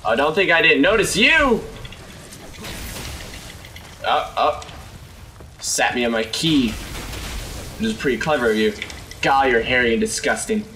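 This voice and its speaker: A man's voice: unhurried, pauses often. Young guy doing goofy gameplay commentary, voice bouncing all over, kinda far from the mic with faint hum behind. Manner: jokey, talks to game characters, lively swings in pitch. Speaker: gaming video host. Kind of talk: let's play commentary.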